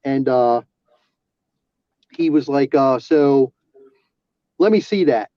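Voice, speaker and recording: A man, an auxiliary police officer, telling a personal story in casual talk, halting with restarts and fillers. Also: medium pitch, dark tone, dry recording. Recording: dull lo-fi sound.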